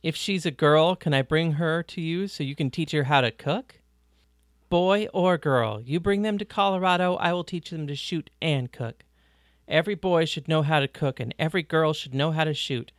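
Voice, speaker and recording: A reader voicing Paris, a blunt, warm woman from a ranch, in an audiobook. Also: mid-range voice, normal speed, dry recording, studio quality, natural voice. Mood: cheerful. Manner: breezy, teasing, plain-spoken. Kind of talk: audiobook reading.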